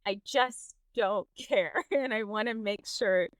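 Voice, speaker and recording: A woman's voice: mid-range voice, slow, no room sound. A woman from Texas hosting a podcast, talking candidly with frequent laughs and restarts. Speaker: podcast host. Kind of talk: casual interview chat.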